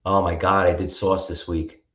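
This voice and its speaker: A low-pitched man talking with rambling, animated energy. The sound is roomy and a bit dull, as if recorded in an echoey space on a lo-fi mic. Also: normal speed, heavy background noise. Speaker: co-host. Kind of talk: casual chat.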